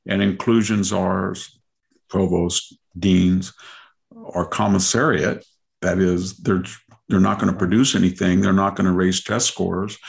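An older man with a low, gravelly voice, talking through political commentary on a podcast. He rambles in long lists and slips into mock quotations as he makes his case. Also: flat delivery, unhurried. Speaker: podcast host.

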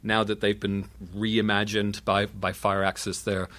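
A man's voice: fairly low pitch, flat delivery, fairly bright tone. A middle-aged man from the UK with a transatlantic accent, chatting casually as a guest and often restarting his sentences. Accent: transatlantic, not strongly British. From United Kingdom. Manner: halting, frequent restarts, laid-back. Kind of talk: casual chat.

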